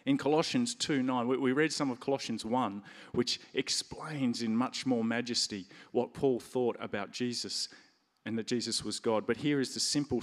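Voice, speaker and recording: A man preaching a sermon in a conversational way, stressing key words with lively emphasis. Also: mid-range voice. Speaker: pastor. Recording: reverberant hall.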